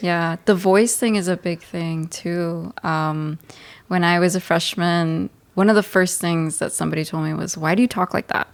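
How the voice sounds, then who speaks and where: Young woman, panel moderator, low-ish voice, animated storyteller. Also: normal speed. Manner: animated storyteller, acts out quotes in a high voice. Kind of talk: casual panel discussion.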